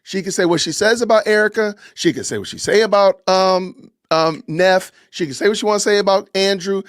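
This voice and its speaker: A man's voice: high-pitched, animated, normal speed, a bit bright, dry recording, clean studio sound. A man hosting a podcast, delivering an impassioned, preachy commentary rant with lots of repetition and emphatic commands. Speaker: podcast host.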